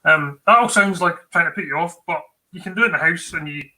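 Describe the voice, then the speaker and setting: Bright-voiced Scottish man chatting casually. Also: fairly high pitch, fast, low-quality recording. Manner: chatty, informal, frequent fillers and restarts. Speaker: co-host of a tech livestream. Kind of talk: casual chat giving exam tips.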